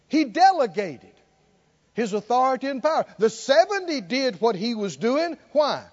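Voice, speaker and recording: Emphatic male preacher with a very high, animated voice; dull, lo-fi sermon recording. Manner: emphatic, repetitive, rhetorical questions.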